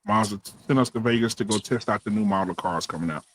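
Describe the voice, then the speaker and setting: A man telling a profane story in casual chat, acting out quotes loudly. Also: on the low side, quick pace, husky, no room sound. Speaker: podcast co-host.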